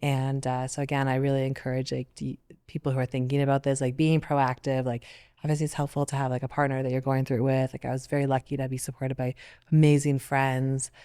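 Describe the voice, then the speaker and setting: A Canadian woman in her thirties talks casually and tells her story with lots of fillers and bursts of animation. Her voice sits low and sounds smooth and clear. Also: level tone, fast, mellow. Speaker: interview guest, Olympic athlete. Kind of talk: casual panel conversation.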